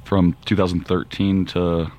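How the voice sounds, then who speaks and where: A man's voice: deep voice, flat delivery, mellow. A man co-hosting a morning radio show, chiming in with playful, teasing remarks. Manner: playful sidekick, quick teasing interjections. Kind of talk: casual morning radio banter.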